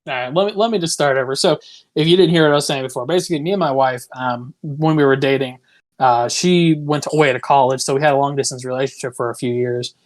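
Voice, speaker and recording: A man's voice: mid-range voice, fast talker. A young man co-hosting a podcast, telling a long story in casual, rambling fashion, packed with "like" and swearing. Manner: rambling, full of "like", swears freely. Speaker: podcast co-host.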